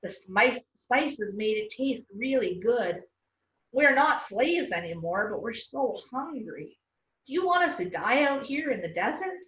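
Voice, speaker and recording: Complaining desert crowd done by a woman, whiny and higher, dull far-off audio. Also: lively intonation, measured pace, a bit bright, a little hiss or hum. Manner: whiny, accusing. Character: hungry, thirsty, complaining crowd of wanderers. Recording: echoey room, far off, dull sound.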